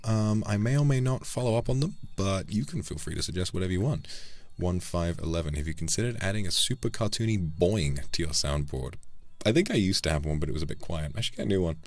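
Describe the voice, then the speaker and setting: A male livestreamer in a relaxed, intimate casual chat, reading out donations and talking over a desk mic. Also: low voice, fast, no echo, faint music behind. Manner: relaxed, intimate, drifts between speaking and soft murmurs.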